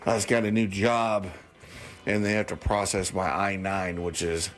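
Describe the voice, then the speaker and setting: A man's voice: deep voice, little pitch movement, moderate pace. A man calling in to a talk radio show, plain and frustrated. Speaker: caller.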